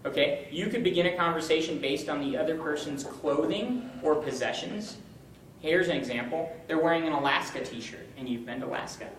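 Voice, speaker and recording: A young man giving an informal, joking teaching talk to a college group, upbeat and animated. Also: a little high, brisk, distant mic. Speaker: campus ministry speaker. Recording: roomy, from the mic, faint hum.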